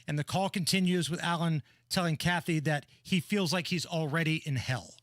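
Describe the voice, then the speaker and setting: A male talk radio co-host with a fairly high voice works through the day's news in careful order. His studio mic sounds dry and close. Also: normal speed, fairly bright tone, no echo. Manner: methodical, reads details in order. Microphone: studio microphone.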